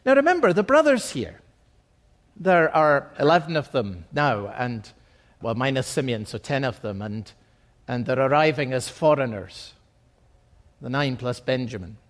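A man preaching a sermon as pastor, reading scripture verses and explaining them, slowing and dropping softly on key phrases. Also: mid-range voice, expressive.

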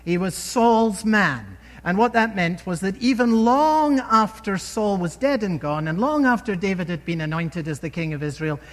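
A man preaching a sermon, retelling a scripture story with emphatic, animated delivery and rhetorical questions. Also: high voice, big-room sound.

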